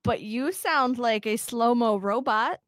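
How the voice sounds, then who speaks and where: A woman's voice: on the high side, measured pace, fairly bright tone, no room sound, studio quality. A woman hosting a casual gaming podcast. She is playful and giggly while she steers the talk. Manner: giggly, playful, runs the show. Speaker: podcast host.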